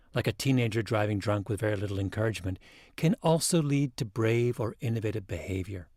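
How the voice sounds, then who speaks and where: A man hosting a podcast, telling a story in scripted narration with a measured, reflective manner. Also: mid-range voice, dry recording, studio quality. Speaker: podcast host.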